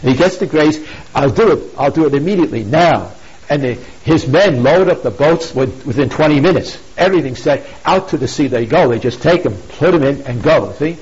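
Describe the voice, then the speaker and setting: Male speaker telling a story with a moral, husky and slightly high voice, lots of "you see?" asides, lo-fi dull audio. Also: brisk, few pauses, darkish tone. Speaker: pro-life speaker. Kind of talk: informal moral talk, retelling a classic story. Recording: dull lo-fi recording.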